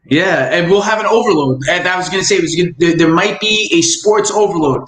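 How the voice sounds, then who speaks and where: A man's voice: sits high, quick pace, a bit bright, reverberant. A man hosting a podcast in casual chat, rambling and swearing with stammering restarts. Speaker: podcast host.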